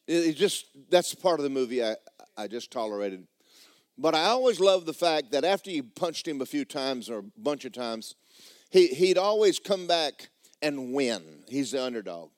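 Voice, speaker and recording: A man's voice: medium pitch, very animated, normal speed, no echo, studio quality. A man preaching a sermon in a church, folksy and blunt, building to fervent emphasis. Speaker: pastor. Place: church sanctuary.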